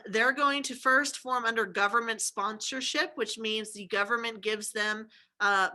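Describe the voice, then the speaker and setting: Bright, chatty woman teaching history. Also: on the high side. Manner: chatty and informal, with frequent "okay?" check-ins and jokey asides. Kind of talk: recorded classroom lecture.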